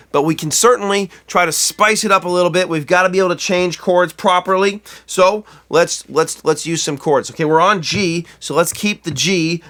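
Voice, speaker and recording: A man's voice: sits high, a bit bright. A man giving a casual guitar lesson, chatty and self-correcting, counting beats aloud as he plays. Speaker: guitar teacher.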